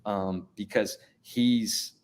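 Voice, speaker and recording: Earnest, plain-spoken middle-aged coach. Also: male voice, lowish voice, fairly even intonation, drawn-out words. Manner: earnest, plain-spoken, repeats words as he thinks. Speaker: college basketball coach. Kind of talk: interview answers.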